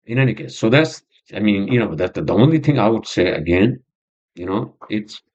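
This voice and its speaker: He speaks fairly quickly in a fairly low, expressive voice that's a little mellow. Hosting his own podcast, the man launches into an agitated, rambling rant stuffed with profanity and fillers, all in dull lo-fi sound.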